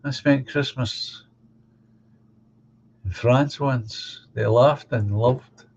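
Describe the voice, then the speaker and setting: A man's voice: medium pitch, drawn-out words, darkish tone, highs cut off, slight background noise. A middle-aged man with a Glasgow accent, chatting casually and bluntly as a livestream host reading out viewer comments. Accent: Glaswegian. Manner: blunt, opinionated, reads viewer comments aloud. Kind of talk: casual chat.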